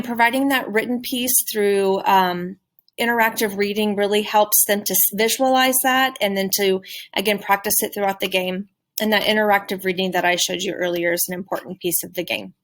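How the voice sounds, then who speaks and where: A woman teacher giving a recorded presentation on a classroom game, speaking clearly and encouragingly. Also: medium pitch. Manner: clear, encouraging, with modeled questions.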